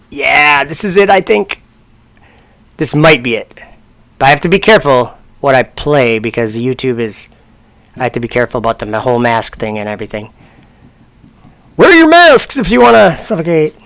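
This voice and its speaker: A man's voice: mid-range voice, a bit bright, clear, resonant tone, no echo. A man casually commenting on a livestream, rambling and sarcastic. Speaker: streamer reacting to videos.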